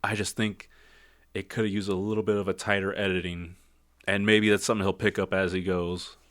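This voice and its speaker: A man's voice: low voice, flat delivery, brisk, a bit bright, dry recording, clean studio sound. A man giving a casual spoken film review. He rambles, second-guesses himself and uses lots of fillers. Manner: rambling, self-doubting, many fillers.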